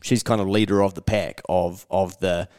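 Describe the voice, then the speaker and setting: A man's voice: low voice, fairly even intonation, normal speed, darkish tone, dry recording, clean studio sound. A man with a New Zealand accent hosting a podcast, telling travel stories in casual chat and acting out what people said. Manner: storytelling, acting out quotes, frequent mate and fillers. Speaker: podcast host.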